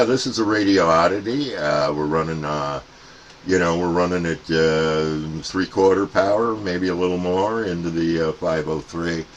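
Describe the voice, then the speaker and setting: Deep-voiced CB radio man. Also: slight background noise. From United States. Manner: chatty, loud when calling, laughs easily. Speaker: CB radio operator testing a radio. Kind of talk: radio contact chat.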